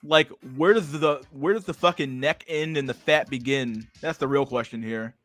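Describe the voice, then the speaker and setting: A man's voice: medium pitch, moderate pace, hardly any pauses, a bit bright, dry recording, faint music behind. A man hosting a casual livestream, rambling crudely and swearing as he reacts to memes. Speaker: livestream host.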